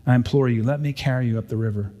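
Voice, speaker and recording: A man voicing a kind eldest brother sent to carry his sibling home, speaking in calm, pleading reassurance. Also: mid-range voice, very fast, big-room sound, natural voice.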